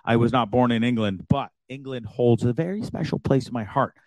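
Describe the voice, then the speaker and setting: A man's voice: medium pitch, brisk, no room sound. Profane ranting man, dry close sound. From Canada. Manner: profane, blustery, swings into shouted outbursts. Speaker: show host. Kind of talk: ranting live show monologue.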